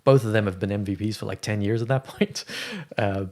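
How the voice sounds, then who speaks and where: Male host from South Africa, lowish voice, casual and chatty with frequent restarts. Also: brisk, a little mellow. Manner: chatty, laughs easily, trails off in restarts. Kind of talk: casual chat.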